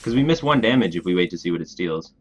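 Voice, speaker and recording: Low-voiced man streaming a card game. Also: animated, husky. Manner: thinks aloud, plans moves in quick bursts; laid-back, talks to his chat casually. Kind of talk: live gameplay commentary.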